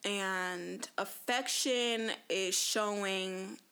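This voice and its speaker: A woman's voice: mid-range voice, steady tone, very slow, sharp tone, clean tone. A woman talking frankly to camera in a casual personal monologue, chatty and full of fillers. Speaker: vlogger.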